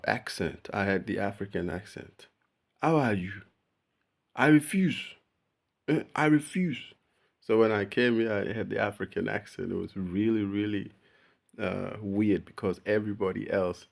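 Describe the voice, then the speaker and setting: A young man chatting casually to camera in a laid-back, slangy way, often calling the listener bro and laughing at himself. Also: on the low side. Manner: relaxed slangy talk, calls the listener bro; laughs at himself while telling stories. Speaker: vlogger. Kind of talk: casual personal chat to camera.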